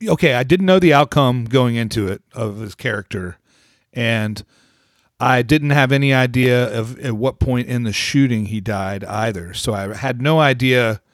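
A man's voice: medium pitch, moderate pace, dry recording, clean studio sound. Thoughtful man chatting about a movie. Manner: thoughtful, rambling, trailing off. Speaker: podcast co-host. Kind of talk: casual movie review chat.

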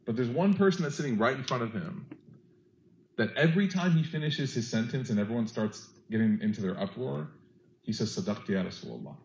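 A man giving a sermon, telling a story with animated, acted-out quotes. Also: mid-range voice, roomy sound, a little hiss or hum, rough recording. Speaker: preacher.

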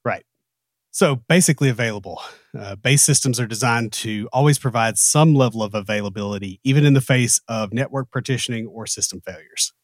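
A man's voice: mid-range voice, fairly quick, dry recording. A man with a Southern US accent, co-hosting a casual technical talk with dry joking asides. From American South. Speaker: podcast co-host.

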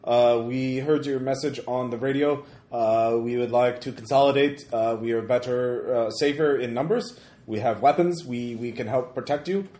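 A man voicing a male bodyguard who speaks halting, formal English with an Arabic accent, recorded with a roomy echo. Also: medium pitch, dark tone, natural voice. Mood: wary pleading. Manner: hesitant, stiff and formal.

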